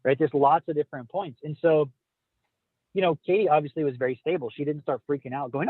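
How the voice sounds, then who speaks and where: A man's voice: a little high, fast, slightly rough, no room sound. A man in his thirties calling in to a casual group podcast chat, rambling and swearing casually. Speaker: podcast co-host. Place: calling in while out driving. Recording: tinny phone line.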